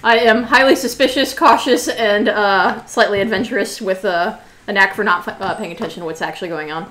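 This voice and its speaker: A woman's voice: medium pitch, fairly quick, a bit bright, rough recording. A woman playing at a tabletop game, teasing and playful as she chats. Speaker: player. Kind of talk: casual tabletop game chat.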